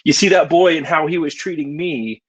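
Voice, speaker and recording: A middle-aged man giving a motivational talk, telling personal stories in an earnest, warm way. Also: fairly high pitch, moderate pace, slightly rough, dull audio. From United States. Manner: earnest, warm storytelling with emotional emphasis. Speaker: keynote speaker.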